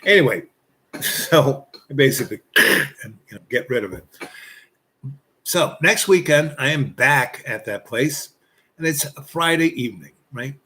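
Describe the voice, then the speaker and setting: A man's voice: mid-range voice, animated, measured pace, pushed and bright. Rambling man telling an anecdote. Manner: rambling, full of "you know" fillers and restarts. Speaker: storyteller. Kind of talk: casual spoken anecdote.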